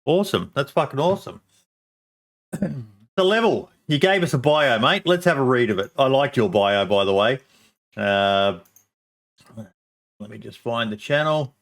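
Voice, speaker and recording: A man's voice: mid-range voice, lively intonation, moderate pace, long pauses. A middle-aged man hosting a podcast in casual chat, swearing freely and laughing often. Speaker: podcast host.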